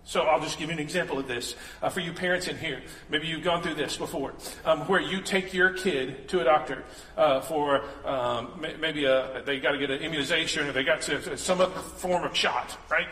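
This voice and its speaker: A man's voice: a little high, normal speed, bright, forceful tone. A man preaching a sermon in a casual, joking way, acting out the voices he quotes. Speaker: pastor. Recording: echoey hall, long reverb.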